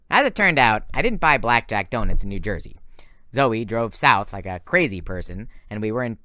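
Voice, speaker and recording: A man reading a fan audiobook in a lively, casual first-person narration. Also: fairly low pitch, normal speed, no room sound, studio quality. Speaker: audiobook reader.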